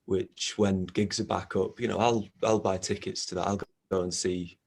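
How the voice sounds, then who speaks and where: A man's voice: low voice, little pitch movement, moderate pace, gravelly, darkish tone, husky. A man, a band member, chatting casually on a video call, rambling and laughing at his own puns. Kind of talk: casual interview chat.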